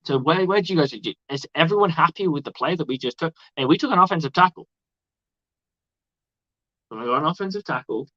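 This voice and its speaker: A man's voice: fairly high pitch, expressive, fairly quick, pauses often, pushed and bright, no room sound. A man hosting a live stream with casual sports commentary, rambling and chatty and swearing freely. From outside the United States. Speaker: livestream host. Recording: dull lo-fi dry sound.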